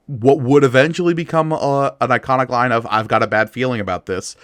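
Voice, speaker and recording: A man's voice: mid-range voice, fairly quick, a bit bright, no room sound, studio quality. A man co-hosting a podcast, talking casually and thoughtfully, with lots of "like" and "uh" as he works out his points. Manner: thoughtful, hedging with "like" and "uh". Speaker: podcast co-host. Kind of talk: casual comic-book discussion.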